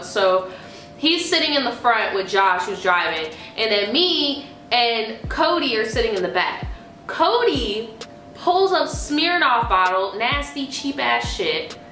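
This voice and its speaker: Young woman vlogger, bright voice, profane storytime, echoey room. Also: a little high. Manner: profane, animated. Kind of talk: casual storytime. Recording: echoey room, faint music.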